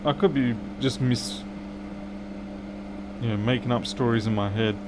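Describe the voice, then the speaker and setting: A man's voice: mid-range voice, measured pace, noisy background. A man, a repair technician bantering with viewers and muttering to himself while he works on a live stream.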